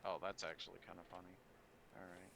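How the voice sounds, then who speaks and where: A man running a tabletop game as dungeon master, relaxed and chuckling, now and then cooing to his cat. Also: sits low, fast, gravelly, background noise.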